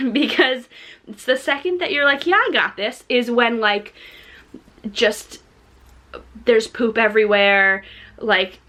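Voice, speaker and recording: A young woman telling a storytime vlog story in an animated, chatty way, with many "like"s. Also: a little high. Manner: animated, chatty, says "like" often; laughs while telling the story. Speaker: vlogger.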